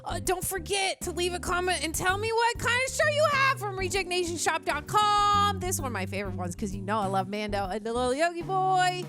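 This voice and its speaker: A woman hosting a casual movie reaction, chatty, bubbly and excitable. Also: very high voice, a little fast, few pauses, over music. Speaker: host.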